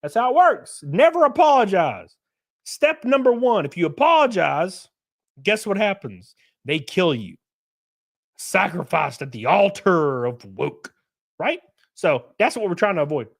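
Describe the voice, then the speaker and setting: A man's voice: sits high, sing-song, a little slow, creaky. A young man hosting a livestream, talking in a blunt, profane and rambling way. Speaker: livestream host. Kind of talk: casual commentary stream.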